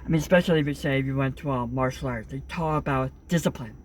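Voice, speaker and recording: A man's voice: medium pitch, quick pace, a little hiss or hum. A young man talking earnestly in a casual monologue, rambling with many fillers and restarts. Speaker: vlogger.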